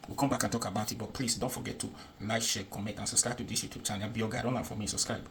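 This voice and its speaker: A man's voice: lowish voice, fairly even intonation, racing, a bit bright, a little hiss or hum. A Nigerian man giving casual political commentary on a video, chatty and repetitive, often checking that the viewer understands.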